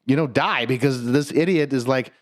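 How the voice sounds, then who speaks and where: A man's voice: mid-range voice, moderate pace. A young man co-hosting a podcast, telling a story in casual chat, swearing freely, laughing mid-sentence and restarting his words. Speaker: podcast co-host.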